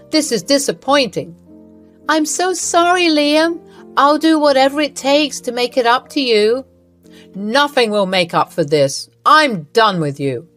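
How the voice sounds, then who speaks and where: A woman's voice: fairly high pitch, a bit bright, pitched above the performer's own voice. A woman voicing an adult husband who is stern and fed up, in a storybook narration.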